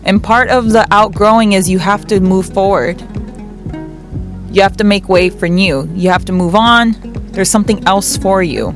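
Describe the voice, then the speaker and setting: A woman hosting a tarot reading show, giving earnest, gentle spiritual advice and repeating words for emphasis. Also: mid-range voice, normal speed, soft background music. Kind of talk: reflective spiritual advice talk.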